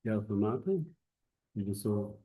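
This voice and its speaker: Low-voiced man asking questions. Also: animated, normal speed, warm tone, husky, rough recording. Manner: brief questioning interjections. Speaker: student in the class. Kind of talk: study discussion.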